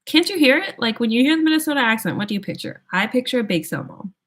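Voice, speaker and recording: A woman's voice: a little high, big pitch swings, very fast, a bit bright. A young woman hosting a casual livestream, chatting with viewers, laughing often and thinking aloud with plenty of "like"s. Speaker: livestream host. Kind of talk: casual chat answering viewers.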